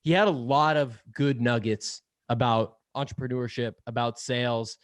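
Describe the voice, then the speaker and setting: A young man talks loosely as a podcast guest, full of fillers and easy laughs, with the odd swear word. His voice sits at an ordinary middle pitch. The sound is dry and close, with no room around it. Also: normal speed, smooth, no echo. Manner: rambling, filler-heavy, laughs often, swears casually. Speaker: podcast guest, sales podcast host. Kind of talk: casual interview chat.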